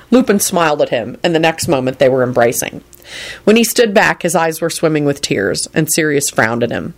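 A reader narrating a story aloud in an expressive storytelling manner. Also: mid-range voice, fairly quick. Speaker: audiobook reader. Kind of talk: fan fiction audiobook narration.

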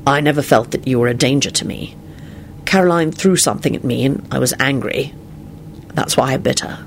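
A reader voicing Lupin, a weary adult werewolf who speaks quietly and firmly, sometimes hoarsely. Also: medium pitch, fairly quick, a little hiss or hum, close to an everyday voice. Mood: calm. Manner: quiet, firm, hoarse at times. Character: weary grown man, a werewolf, steady under strain.

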